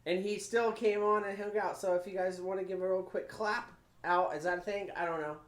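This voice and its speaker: A man's voice: high-pitched, steady tone, a little fast. Casual male podcast host, laid-back and loose, recorded in an echoey room. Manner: laid-back, swears, laughs often. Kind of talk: casual chat.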